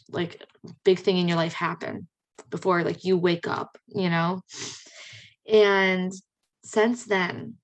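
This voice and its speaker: A woman in her thirties, hosting a podcast, telling personal stories in a chatty, animated way with frequent exclamations. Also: lowish voice. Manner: chatty and animated, with many fillers and excited exclamations. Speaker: podcast host. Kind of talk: personal storytelling.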